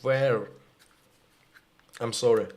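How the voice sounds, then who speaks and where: Slow, halting Ukrainian-accented man. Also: medium pitch, fairly even intonation, darkish tone. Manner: halting, searching for words, addresses viewers as "my dears". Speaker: live stream host. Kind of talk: live stream chat reading comments.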